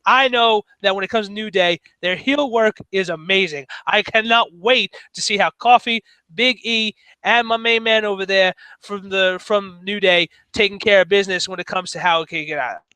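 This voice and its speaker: An excitable man jokes and tells stories in a casual podcast chat. His voice sits high for a man and sounds bright and forceful. The recording is dry, with no room echo. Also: normal speed, hardly any pauses, smooth. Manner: excitable, jokey storyteller. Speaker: podcast co-host.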